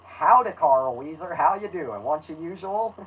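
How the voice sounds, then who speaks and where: A reader putting on the voice of a cheery store worker, pitched up. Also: expressive, normal speed, fairly bright tone, husky, distant mic, rough recording. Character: friendly store worker, adult.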